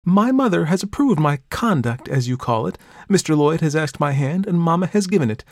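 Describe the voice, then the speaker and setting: A man reading aloud, voicing a proud, spirited young woman in a raised, high voice. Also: lively intonation, a little fast, no echo, clean studio sound. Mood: defiant.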